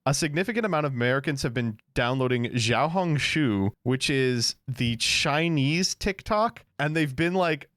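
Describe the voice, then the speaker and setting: A man's voice: medium pitch, animated, moderate pace, few pauses, a bit bright, no room sound, clean studio sound. Sardonic man in casual podcast chat. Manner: sardonic, swears freely. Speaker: podcast co-host.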